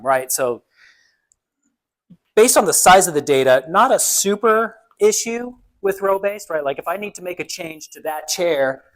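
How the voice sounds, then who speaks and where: A man with a slightly high-pitched voice gives a relaxed conference talk. He speaks conversationally, with a jokey tone, and slips into other people's voices when quoting them. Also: rough recording. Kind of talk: casual conference presentation.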